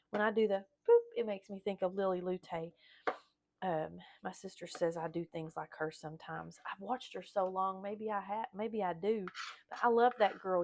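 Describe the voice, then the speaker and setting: A woman's voice: mid-range voice, slight background noise. A woman, chatting in a folksy way to her viewers while she cooks in her home kitchen. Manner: chatty and folksy, often addressing viewers as y'all. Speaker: home cooking vlogger. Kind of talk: casual cooking demonstration.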